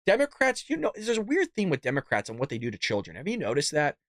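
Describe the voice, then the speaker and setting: A man hosting a political commentary show, ranting with heated, profane outbursts that swing from loud to muttered asides. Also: fairly high pitch, huge pitch swings, fast talker, no echo, clean studio sound.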